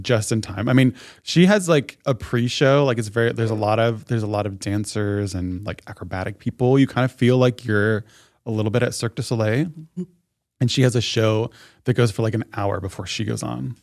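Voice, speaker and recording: A man's voice: lowish voice, a little mellow, dry recording, studio quality. A man co-hosting a podcast, telling a story in casual chat, full of "like" fillers. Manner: chatty storyteller, heavy "like" fillers. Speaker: podcast co-host.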